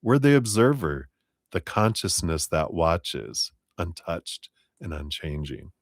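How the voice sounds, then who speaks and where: Deep-voiced man giving gentle tarot readings. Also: big pitch swings, dry recording, clean studio sound. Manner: gentle, unhurried spiritual guidance. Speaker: tarot reader. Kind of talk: live-streamed tarot reading.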